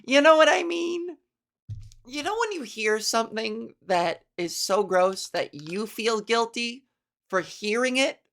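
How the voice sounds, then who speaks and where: Woman podcast comic, slightly high voice with gravelly fry, rambling and giggly. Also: expressive, a little slow, a bit bright. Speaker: comedian podcast host. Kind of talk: solo comedic monologue.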